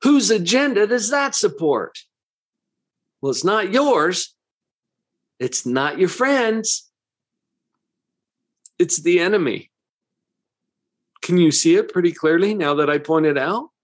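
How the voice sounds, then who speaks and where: A man's voice: high-pitched, very animated, slow, pauses often. A man who works as a psychologist giving a motivational talk, full of rhetorical questions, with a conversational and emphatic manner.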